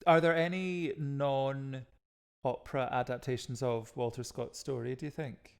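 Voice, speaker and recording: A man's voice: mid-range voice, steady tone, measured pace, vocal fry, clean tone. A man co-hosting a podcast, talking in a playful, encouraging way and joking around. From Scotland. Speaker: podcast co-host. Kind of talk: casual podcast chat.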